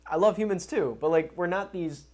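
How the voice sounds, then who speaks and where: A man's voice: high-pitched, brisk, a little mellow. A man in casual podcast chat who talks in an easygoing, self-deprecating way, full of fillers and swearing. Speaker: podcast co-host.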